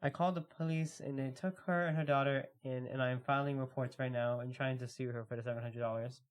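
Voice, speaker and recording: A relaxed man co-hosts a casual podcast, reading stories aloud and chatting in between. His middle-range voice is clear and resonant, and he talks quickly in a loose style packed with fillers.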